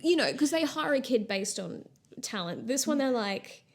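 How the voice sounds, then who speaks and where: Woman, co-host, casual movie chat, slightly high voice, laughs a lot, chatty asides. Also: expressive, normal speed. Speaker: podcast co-host.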